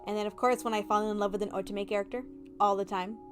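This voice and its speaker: A woman's voice: mid-range voice, fairly even intonation, quick pace, soft background music. A young woman chatting casually on a livestream, bubbly and giggly, acting out little reactions. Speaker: vtuber streamer.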